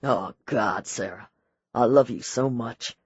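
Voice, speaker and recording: A woman voicing a young husband, low and hushed. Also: takes it slowly, husky, no echo, lo-fi sound, exaggerated voice. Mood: elated. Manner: joyful, then faint gasping whispers. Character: young husband, eager then dying.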